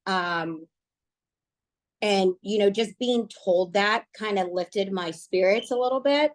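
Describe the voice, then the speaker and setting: A middle-aged woman sharing earnest, reflective thoughts in a casual book club discussion, with many pauses and fillers. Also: medium pitch. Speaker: book club team member. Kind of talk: casual online group discussion.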